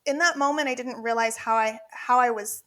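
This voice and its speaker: Woman co-host, forties, candid chatty delivery, a bit higher voice. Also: fairly quick, sharp tone. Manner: candid, chatty, laughs often, many fillers. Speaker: podcast co-host, dental practice consultant. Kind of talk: casual podcast chat.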